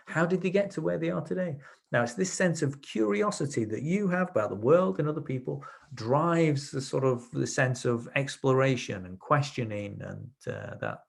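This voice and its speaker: A man giving a webinar on NLP, explaining techniques through client stories in a relaxed, chatty way and acting out what his clients said. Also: medium pitch, creaky. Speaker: webinar presenter, NLP trainer. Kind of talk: explanatory webinar talk with anecdotes.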